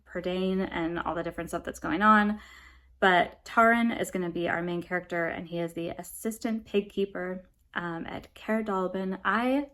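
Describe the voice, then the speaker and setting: Rambling American woman reviewing books. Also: lowish voice. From United States. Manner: rambling and chatty, often apologetic. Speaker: book reviewer. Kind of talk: casual book review vlog.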